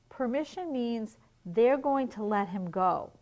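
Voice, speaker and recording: A woman teacher reading a picture book to young children at home, gently asking questions and explaining words. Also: a little high, lively intonation, measured pace, creaky, few pauses.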